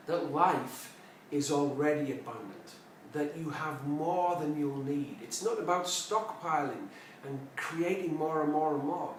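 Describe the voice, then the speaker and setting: A man's voice: on the high side, heavy reverb, far from the mic, slight background noise, rough recording. A man giving a reflective personal development talk, telling a story and making his points with emphatic repetition. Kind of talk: reflective spoken talk to camera.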